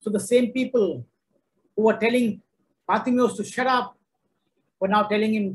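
A man's voice: high-pitched, fairly even intonation, normal speed, long pauses, low-quality recording. A man preaching a sermon, emphatic and repetitive, driving each point home.

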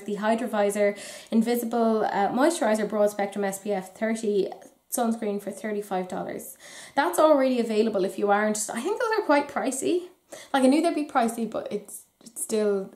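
A woman's voice: on the high side, a little mellow, reverberant. An Irish woman chatting casually through new makeup releases, with wry, self-deprecating asides. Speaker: beauty vlogger.

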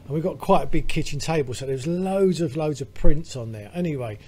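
A man's voice: a little high, a little fast, a little mellow, husky. A British man, a podcast co-host, telling a long rambling story in casual chat with lots of fillers. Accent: British English.

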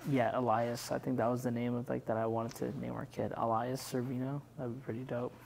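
A young man co-hosting a casual podcast, chatty and relaxed, often laughing. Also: mid-range voice, fairly quick, vocal fry, slight background noise. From Pacific islands heritage, Filipino. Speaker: podcast co-host. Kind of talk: casual chat.

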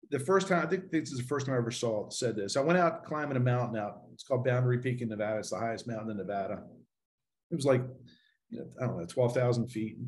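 A man's voice: mid-range voice, a little mellow. Rambling middle-aged man telling stories. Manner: rambling, filler-heavy storytelling, chuckles often. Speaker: podcast guest. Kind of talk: casual storytelling in an interview.

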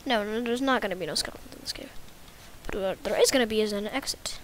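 A woman's voice: mid-range voice, quick pace, fairly bright tone, slight background noise. A woman giving casual, rambling, self-mocking commentary while playing a video game. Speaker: gaming YouTuber.

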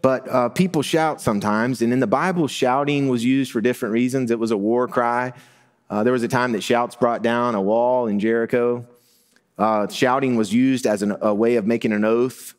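A man's voice: medium pitch, fairly even intonation, moderate pace. Man preaching in a conversational way. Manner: conversational preaching with rising emphasis and light laughs. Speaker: pastor. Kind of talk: sermon.

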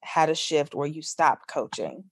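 A woman hosts a podcast interview with a low-pitched voice. She asks measured, deliberate questions and gives brief yeses in between. The sound is dry and close to the mic. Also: dry recording. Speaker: podcast host.

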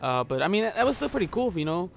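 A man's voice: sits high, sing-song, rapid-fire, vocal fry, slight background noise. A man giving casual gameplay commentary as a gaming YouTuber, rambling with many filler sounds and swearing at the game, recorded on a headset mic.

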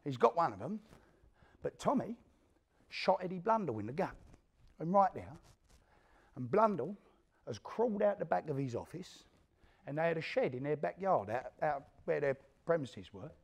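A man's voice: a little high, sing-song, moderate pace, gravelly, long pauses, breathy edge, full character voice. A man playing a spiteful London gangster. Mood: grim boasting. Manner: coarse, swearing, vividly re-enacts scenes. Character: hard, spiteful male London gangster recounting a brutal feud. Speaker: actor performing a stage monologue. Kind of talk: theatrical storytelling monologue.

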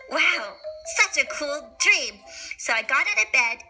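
High bright woman reading a kids story all playful and animated, faint music behind. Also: measured pace, poor audio. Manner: animated, playful, with sound effects and voices. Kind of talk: expressive children's story reading.

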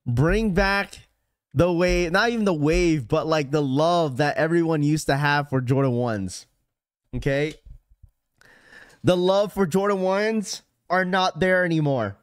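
Animated man hosting a sneaker livestream. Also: sits high, smooth, no room sound, studio quality. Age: adult. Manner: animated, joking, ranting to chat. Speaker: sneaker podcast host. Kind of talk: casual livestream chat.

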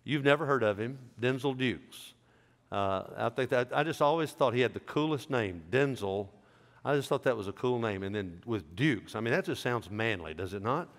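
A man's voice: mid-range voice, a bit bright. Folksy preacher man in a hall. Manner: folksy, joking, conversational preaching. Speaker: pastor. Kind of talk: sermon. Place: large church sanctuary. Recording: reverberant church hall.

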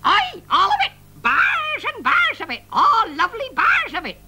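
Brief: a cackling mad old castaway pirate for a puppet show, squeaky and very high, wildly swooping, bright-edged. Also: huge pitch swings, normal speed, exaggerated voice. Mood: secretive delight. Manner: cackling, shouting, gleeful.

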